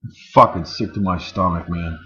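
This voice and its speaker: A man's voice: low voice, moderate pace, pushed and bright, muffled recording. A man in an angry, profane rant, firing off rhetorical questions. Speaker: vlogger.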